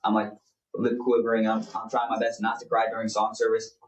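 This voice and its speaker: A man's voice: fairly low pitch, completely flat delivery, brisk. Young guy co-hosting a faith podcast, earnest and rambly, echoey room. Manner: earnest, rambling with many fillers. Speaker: podcast co-host. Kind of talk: casual faith chat. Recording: roomy, distant mic.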